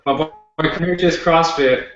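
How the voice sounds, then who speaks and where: A man's voice: on the high side, fairly even intonation, moderate pace, fairly bright tone. A man, a guest on a casual video call, upbeat with laid-back slang. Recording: echoey distant call audio, lo-fi.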